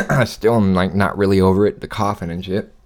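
A man in his thirties with a lowish voice rants through a casual, swear-heavy story on his home podcast. He talks from his apartment studio, worked up and animated. A lingering cough roughens him a little. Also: moderate pace. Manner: animated ranting, swears a lot. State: recovering from a cough. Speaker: podcast host.

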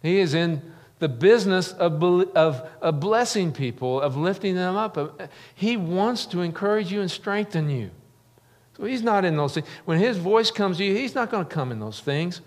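A man's voice: high-pitched, expressive, moderate pace. A middle-aged man preaching a sermon as a pastor, earnest, building emphasis with repeated phrases. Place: church sanctuary. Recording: long reverb of a large church hall.

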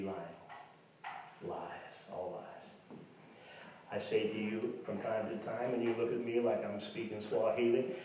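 A male pastor preaches in a folksy, conversational way, mixing personal stories with scripture and asides to the congregation. His voice sits at an ordinary pitch and rings through a very echoey church hall. The mic is set some distance from him, and a faint room hiss runs underneath. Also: darkish tone. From Kansas, USA. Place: church sanctuary.

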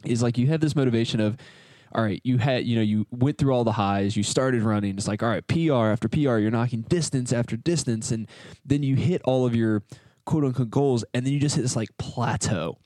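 A man's voice: mid-range voice, a little fast, darkish tone, dry recording. Man rambling through casual stories. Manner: rambling storyteller, mimics others' voices. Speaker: podcast co-host. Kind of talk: casual chat.

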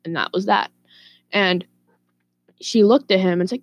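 A woman vlogger casually telling a story to camera, profane and animated, with laughing asides. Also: medium pitch, unhurried, no room sound.

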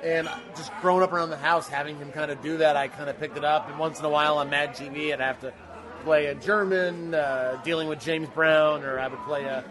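Animated, rambling man with an audience around. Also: fairly high pitch, fairly quick, a crowd in the background. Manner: rambling, self-deprecating, animated storyteller. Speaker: guest actor. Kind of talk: casual interview chat.

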